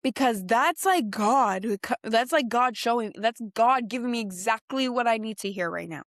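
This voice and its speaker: This young adult podcast host has a fairly high voice and a moderate pace, recorded with clean studio sound and no room noise. Chatting casually about clips, she rambles with slang, fillers, and frequent restarts.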